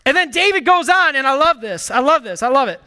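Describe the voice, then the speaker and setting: A man preaching a sermon in an energetic, emphatic way, calling out to the congregation and dropping into hushed low asides. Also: brisk. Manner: swings from excited bursts to hushed low asides. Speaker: pastor.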